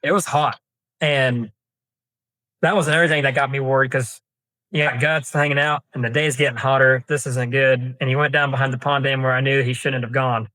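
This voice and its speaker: A man's voice: mid-range voice, steady tone, a little fast, sharp tone, no room sound. Folksy man telling a hunting story. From Kansas. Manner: rambling, folksy, many fillers and restarts. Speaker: podcast guest, deer hunter. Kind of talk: casual storytelling interview.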